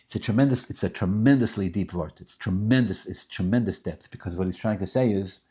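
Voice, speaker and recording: A man giving an informal Torah class, talking in animated, emphatic bursts with frequent restarts and Yiddish and Hebrew terms mixed in. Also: lowish voice, a little fast. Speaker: rabbi teaching Tanya.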